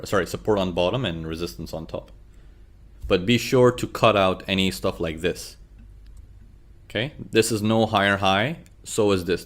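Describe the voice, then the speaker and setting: A trading instructor with a deep, somewhat bright voice walks through a chart in a screen-share lesson. He asks his questions more than once and acts out the inner voices of worried traders.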